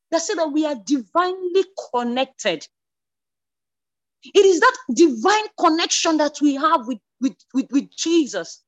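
A woman from the church shares her testimony aloud in a high-pitched voice. She stumbles and restarts at first, then builds to emotional declarations that are nearly shouted.

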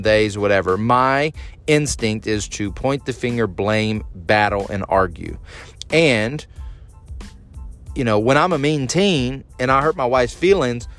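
A man's voice: mid-range voice, fairly bright tone. A man in his thirties hosting a solo podcast, talking candidly and critically about himself, and now and then acting out his own angry outbursts. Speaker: podcast host.

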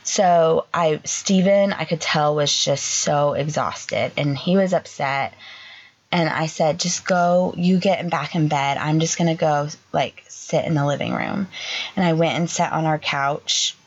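A young adult woman, a podcast co-host, tells an emotional personal story in a halting way, full of "like" fillers. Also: low voice, fairly even intonation. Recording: dull lo-fi sound.

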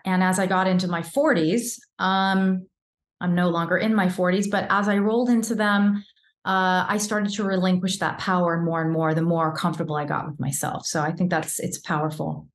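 A woman in her fifties, a vocal coach, telling a personal story in a candid, animated way during a casual interview. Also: lowish voice, echoey room.

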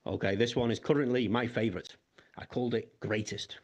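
A man's voice: medium pitch, fairly even intonation, fairly quick, darkish tone. A man, a children's poet, performing a comic rhyming poem aloud in a radio studio with a playful, bouncy delivery.

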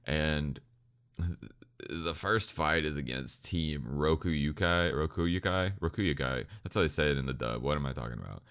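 A man's voice: extremely low pitch, normal speed, a bit bright, smooth. A man rambling casually through an anime review, joking and swearing as he goes.

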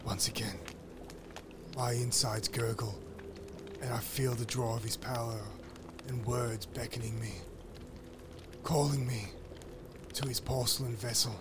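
A man playing a devout wizard narrating his tale in a solemn, mock-epic way, at times shouting proclamations. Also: mid-range voice, fairly even intonation, measured pace, pauses often, noisy background, close to an everyday voice. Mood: brooding. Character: wizard narrator, devout, obsessive, later frenzied. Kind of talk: first-person dramatic storytelling.

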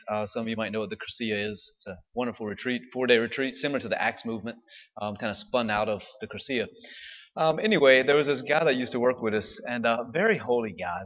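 A man giving a casual homily, chatting with the congregation and often adding "right?" to his points. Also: mid-range voice. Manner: conversational, frequent "right?" tag questions. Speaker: priest. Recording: dull sound with long hall reverb.

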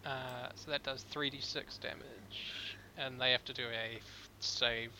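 Man player, bright tense tone, hesitant, faint noise. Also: medium pitch, fairly even intonation, a little slow. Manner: hesitant, checking rules aloud. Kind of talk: casual tabletop play.

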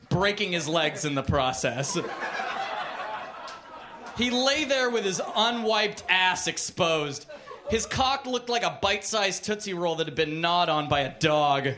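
A male comedian reads a crude story in a high, lively voice, pacing each line slowly for effect. He uses mock-literary storybook narration on a comedy club stage. The sound is a noisy live club recording. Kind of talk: comic story reading to a live audience.

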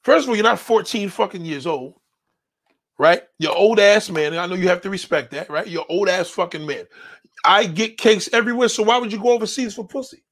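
A man's voice: high-pitched, animated, brisk, a bit bright. A man hosting a show, reading viewer comments and answering them in a blunt, confrontational rant full of swearing. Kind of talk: profane ranting commentary.

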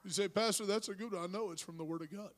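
A man preaching a sermon as pastor, talking to his congregation with asides and rising to shouted praise. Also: high voice, racing.

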